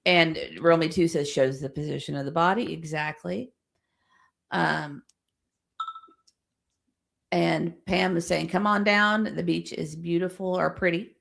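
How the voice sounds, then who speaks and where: A woman's voice: on the low side, steady tone, unhurried, gravelly, long pauses, a bit bright. A woman hosting a casual livestream, reading viewer comments aloud and chatting back.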